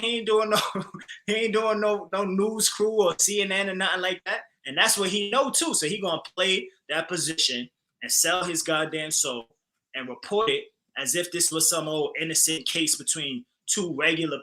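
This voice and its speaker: Bright, animated man in heated talk. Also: high-pitched, low-quality recording. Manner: animated, emphatic, frequent fillers and profanity. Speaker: podcast co-host. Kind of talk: casual heated discussion.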